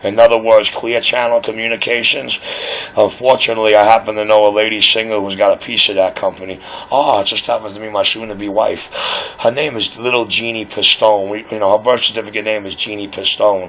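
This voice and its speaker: A man's voice: lowish voice, little pitch movement, a little fast, a bit bright. A man talking casually over a radio link, rambling, boastful and swearing freely. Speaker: radio operator on air. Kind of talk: casual on-air chat. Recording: dull lo-fi radio audio.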